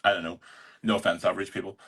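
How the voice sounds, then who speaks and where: A man's voice: deep voice, flat delivery, racing, fairly bright tone, husky. A man hosting a casual live chat, reading aloud and joking in a wry, blunt, self-mocking way. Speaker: host of an online live chat.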